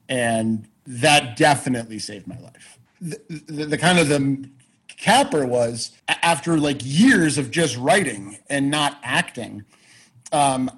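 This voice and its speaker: Casual guest: husky male voice, rambling and self-deprecating, swears a lot. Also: mid-range voice, poor audio. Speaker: guest, actor and writer. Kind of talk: casual storytelling chat.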